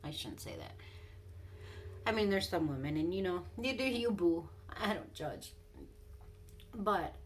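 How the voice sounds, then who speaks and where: A young woman beauty vlogger telling a story in casual chat, laughing often and swearing bluntly while she does her makeup. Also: lowish voice.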